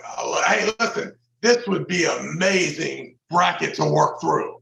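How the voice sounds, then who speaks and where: A man hosts a casual talk show, throwing in hype-man exclamations and stretching out his emphatic lines. His voice sits high and bright, with a gravelly edge, and it rings in a roomy, echoey space. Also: lively intonation, a little slow. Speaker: podcast host. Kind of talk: casual chat about arm wrestling.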